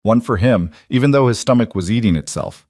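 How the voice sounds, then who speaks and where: A man reading a dramatic story as a narrator, in a steady, even storytelling manner. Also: mid-range voice, fairly quick, no echo, studio quality.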